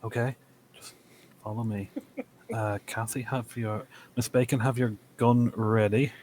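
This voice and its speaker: A man's voice: medium pitch, fairly even intonation, measured pace, darkish tone, slight background noise, poor audio. A man playing a tabletop game, describing his character's moves in a hesitant, trailing way. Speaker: player.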